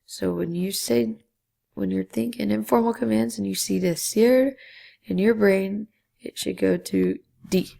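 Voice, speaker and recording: A Spanish teacher gives a patient grammar lesson, going through each rule step by step and dropping to a whisper on key syllables. Her voice is deeply gravelly and dark-toned, and she takes her time at a measured pace.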